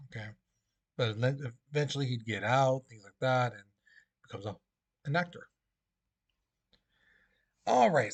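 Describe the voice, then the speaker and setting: A male teacher talks students through a history lesson in a casual, chatty way. He keeps checking in with "okay?" and fills pauses with "um" and "uh". His voice sits at an ordinary middle pitch. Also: fairly bright tone, husky. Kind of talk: classroom lecture to students.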